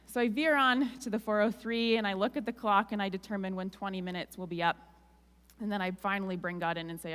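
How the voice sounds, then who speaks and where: Woman, Canadian accent, mid-pitched, candid conversational sermon, reverberant church hall. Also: fairly even intonation, fast, fairly bright tone, smooth. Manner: candid, emotional, conversational with "like" asides. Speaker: guest speaker. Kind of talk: personal storytelling sermon.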